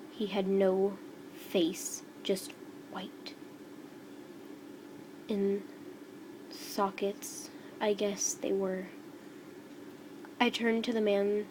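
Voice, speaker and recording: Woman reading her fan story, slow and kinda monotone, stumbles sometimes, noisy mic. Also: mid-range voice. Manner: slow, flat, halting reading.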